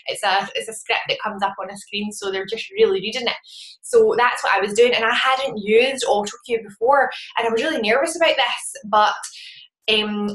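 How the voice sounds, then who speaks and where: A woman giving a motivational training talk, telling a story with lively acted-out moments. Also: on the high side, echoey room, poor audio. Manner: animated storytelling, acts out her own panic. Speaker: network marketing trainer.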